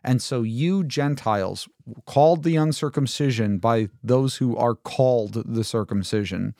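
A man walks listeners through a scripture passage in an easygoing, talky manner, breaking off to ask rhetorical questions. His voice sits at an ordinary middle pitch and is recorded close and dry, with no room sound. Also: vocal fry, dark tone, no room sound. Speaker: Bible teacher. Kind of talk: informal Bible commentary.

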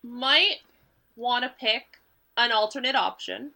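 A woman playing a tabletop role-playing game in character, talking in an animated, chatty way. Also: on the high side, slow, creaky. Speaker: player.

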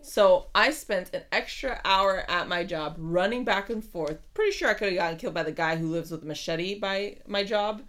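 A young woman in her twenties, co-hosting a casual chat podcast and telling stories with animated delivery, swearing and laughing. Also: medium pitch, normal speed, hardly any pauses. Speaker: podcast co-host.

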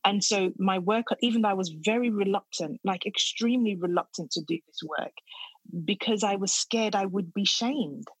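A woman's voice: medium pitch, moderate pace, breathy edge, no echo, low-quality recording. A middle-aged woman speaking as a podcast guest, talking earnestly and from the heart with frequent restarts. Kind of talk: casual interview conversation.

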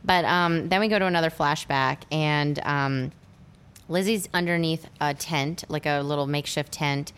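A woman's voice: low-pitched, steady tone, normal speed, fairly bright tone, smooth. A woman in casual chat, animatedly retelling a film's plot with many fillers. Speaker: podcast co-host recapping a film.

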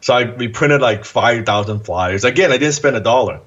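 Husky-voiced man telling a lively story. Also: mid-range voice, a little fast, highs cut off. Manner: animated, acts out quoted voices, swears casually. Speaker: guest entrepreneur. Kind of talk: casual storytelling interview.

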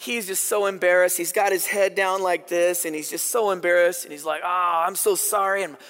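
A man preaching a sermon, telling stories in an animated, conversational way. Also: high voice, fairly quick. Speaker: pastor. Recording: long hall reverb.

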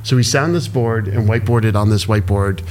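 A man being interviewed as an entrepreneur guest, speaking emotionally and haltingly with lots of fillers. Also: lowish voice, a little mellow, a little hiss or hum. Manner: halting, heavy use of "like" fillers.

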